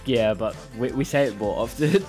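A relaxed man chatting as a co-host, easygoing and quick to laugh. His voice sits at an ordinary middle pitch, with faint music playing underneath. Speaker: podcast co-host. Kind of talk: casual chat.

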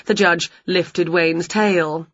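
A woman's voice: fairly low pitch, a little hiss or hum. A woman whose first language is Chinese, reading an English picture book aloud to children. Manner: slow, lively storytelling. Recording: dull lo-fi home recording.

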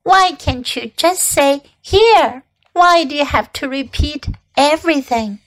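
A woman's voice: sits high, lively intonation, pitched above the performer's own voice. A woman voicing a wise, bossy female spider who runs a barn meeting in a storybook reading. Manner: brisk, orderly, a little impatient.

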